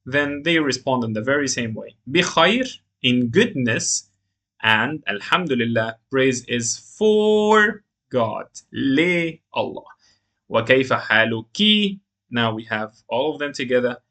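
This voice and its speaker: A man's voice: mid-range voice, pushed and bright. A man teaching a beginners' language lesson, explaining grammar step by step and reading example phrases aloud. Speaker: Arabic teacher.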